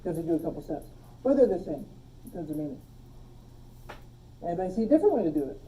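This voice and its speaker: A woman teaching a logic class, relaxed, quizzing her students and joking with them, recorded on a phone in a classroom. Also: on the low side, rapid-fire, recorded from a distance, slight background noise, low-quality recording. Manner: relaxed, asks the class questions and jokes. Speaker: logic instructor. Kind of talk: classroom lecture. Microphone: phone streaming the class.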